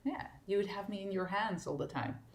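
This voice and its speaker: A woman singer hosting a casual livestream for her fans, chatting easily, laughing often and filling pauses with ums. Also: mid-range voice. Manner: relaxed and chatty, laughs often, many fillers. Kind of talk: casual livestream chat reading viewer comments. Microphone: streaming setup at a desk.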